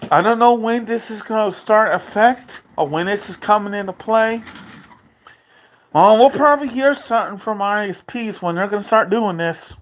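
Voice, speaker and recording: A man vlogging an angry, profane rant from a dark room at home, taunting and repeating himself. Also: high-pitched, normal speed, slight background noise.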